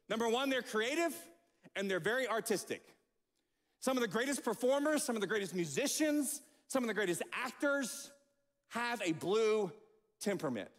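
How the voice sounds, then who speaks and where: A man preaching a sermon as pastor, animated and acting out quotes. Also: high-pitched, long reverb tail. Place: church sanctuary.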